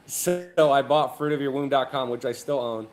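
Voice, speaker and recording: A man telling a personal story as a guest on a casual panel, relaxed and rambling with many fillers. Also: medium pitch, measured pace, crowd noise.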